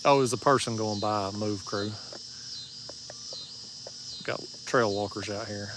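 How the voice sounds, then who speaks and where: A man's voice: fairly low pitch, fairly even intonation, a little slow, noisy background. Laid-back East Tennessee man drawling outdoors. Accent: East Tennessee Southern. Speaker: fishing livestream host. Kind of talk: casual livestream chat answering viewers. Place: outdoors at a marina bank at night.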